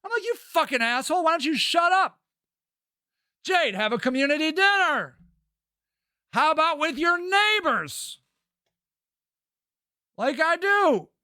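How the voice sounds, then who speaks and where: A man's voice: very high-pitched, pushed and bright, no echo, clean studio sound. A middle-aged man hosting a live stream, reading chat and talking back in a sarcastic, profane, rambling way.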